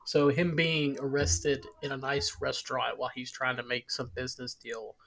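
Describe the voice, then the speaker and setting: A man co-hosting a movie podcast in casual chat, opinionated and quick to restart his sentences. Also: medium pitch, level tone, creaky, fairly bright tone. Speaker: podcast co-host.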